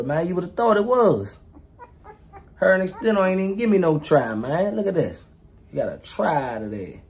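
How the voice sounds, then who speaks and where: A man's voice: medium pitch, a little mellow, a little hiss or hum. Hyped-up slangy young man showing puppies. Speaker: dog breeder showing puppies. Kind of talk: casual vlog talk to viewers.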